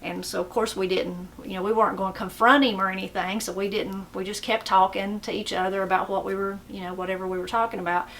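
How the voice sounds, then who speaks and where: A middle-aged woman from the western North Carolina mountains, with an Appalachian accent, tells stories in a folksy, rambling way, getting animated when quoting. Her mid-range voice moves fast with hardly any pauses, over slight background noise.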